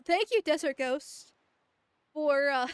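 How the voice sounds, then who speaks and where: This young woman's voice sits high and moves slowly, recorded without echo. She's a vtuber streaming a game, giving casual commentary that's crude and joking, often laughing and tripping over her words.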